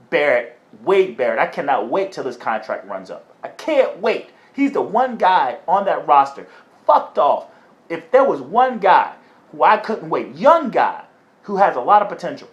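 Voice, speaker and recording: A man rants alone on a podcast, swearing hard and punching his words. His voice sits a little high and swings up and down a lot. The sound is dull and lo-fi. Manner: profane, heated, emphatic ranting. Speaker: podcast host. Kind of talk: solo wrestling podcast rant.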